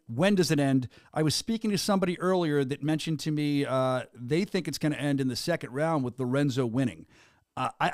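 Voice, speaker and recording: A man hosting a fight podcast, rattling along at a quick clip in a fairly high voice. He talks with rambling, excitable hype-man energy. The sound is dry and close, with no room echo. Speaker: podcast host and venue announcer. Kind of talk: casual interview chat.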